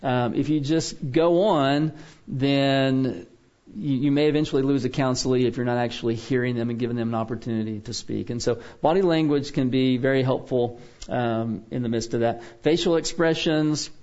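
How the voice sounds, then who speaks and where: A man lectures on counseling in a loose classroom manner, often pausing to ask "okay?" to keep his listeners with him. His voice sits at an ordinary middle pitch. The recording is dull and lo-fi. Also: darkish tone. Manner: conversational, checks in with "okay?" often. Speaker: biblical counseling teacher.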